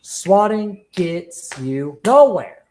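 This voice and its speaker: A commentary streamer rants with heavy emphasis and frequent swearing. The voice sits at a middle pitch. The room adds a noticeable echo. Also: big pitch swings, very slow, mellow. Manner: profane, emphatic, repetitive. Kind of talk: heated casual rant.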